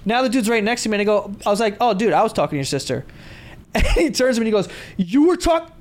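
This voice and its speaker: A man's voice: high voice, rapid-fire. A man, co-hosting a podcast and telling a story in casual, swearing chat, acting out the voices of the people in it. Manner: animated, swearing, acts out voices in his stories. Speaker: podcast co-host.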